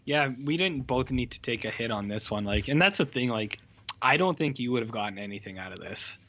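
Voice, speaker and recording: A man's voice: medium pitch, animated, a little fast, fairly bright tone. Sweary, rambling man on a lo-fi podcast. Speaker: podcast co-host. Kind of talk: casual film review chat.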